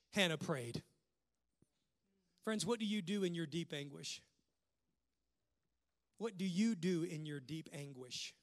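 A male pastor delivers a sermon in a notably high voice. He builds his points through rhythmic, repeated phrases that carry impassioned force.

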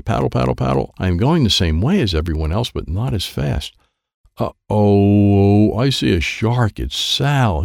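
A man reading a children's chapter book aloud with plenty of playful animation, his low voice gravelly and rising and falling in wide swings. He voices the sound effects himself, and the recording is close and dry. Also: a little mellow, no room sound. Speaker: audiobook narrator.

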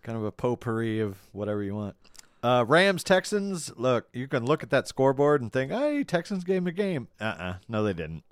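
Podcast man, casual football talk, dry close sound, animated and swearing. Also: medium pitch, a little fast, smooth, dry recording. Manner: animated, swears, quotes movie lines. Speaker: podcast co-host. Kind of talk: casual sports chat.

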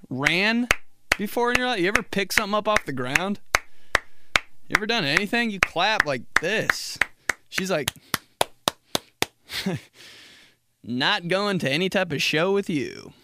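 A man's voice: a little high, heavy background noise. Profane young man riffing on a podcast. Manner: rambling, profane, acts out quick mock exchanges. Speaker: podcast host. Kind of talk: casual comedic monologue.

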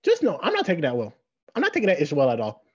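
A husky woman co-host whose voice sits a little low but swoops wildly in pitch, heard through a dull, lo-fi recording. She chats casually and bantering, and she laughs often. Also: wildly swooping pitch, rapid-fire, darkish tone. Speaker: podcast co-host. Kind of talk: casual recap chat. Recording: dull lo-fi sound.

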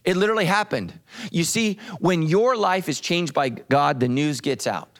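A middle-aged pastor from the United States preaching a sermon, emphatic and animated, with asides to the congregation. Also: male voice, on the high side, normal speed.

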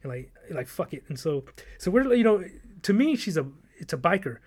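Fast-talking profane man telling stories. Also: high voice. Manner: rambling, profane, animated storytelling. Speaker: podcast host. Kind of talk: casual storytelling chat.

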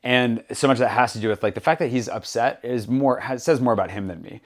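A man hosting a casual podcast chat, an animated storyteller who acts out the people he quotes. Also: mid-range voice, fast talker. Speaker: podcast host. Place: Paris.

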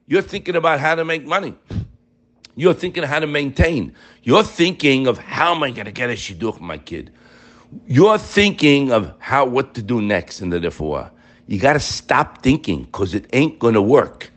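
A man giving a spiritual lesson with a lively voice that swings up and down in pitch. He reads and translates Hebrew text in an animated way, pressing his listeners with rhetorical questions. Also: normal speed. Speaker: religious teacher.

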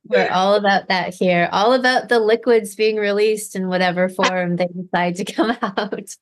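A woman hosting a live online event, leading a slow guided visualization and then chatting upbeat with a guest over video call. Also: mid-range voice, steady tone. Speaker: host.

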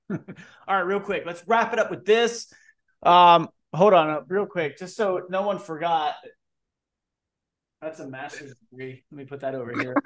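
High-voiced man ranting with profanity. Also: unhurried, pauses often. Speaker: podcast host. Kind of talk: casual chat.

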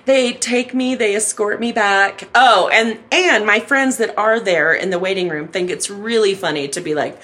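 A woman's voice: medium pitch, moderate pace, hardly any pauses. A woman telling a funny personal story in a casual chat, acting out what people said and laughing often. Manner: animated, acts out quotes, laughs often.

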